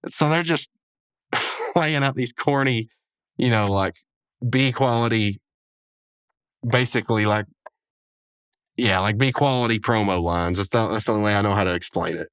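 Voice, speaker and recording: A man's voice: on the low side, moderate pace, long pauses, fairly bright tone, clear, resonant tone, no room sound, studio quality. A man hosting a podcast, recapping an episode in a rambling, chuckling way with many asides. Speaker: podcast host.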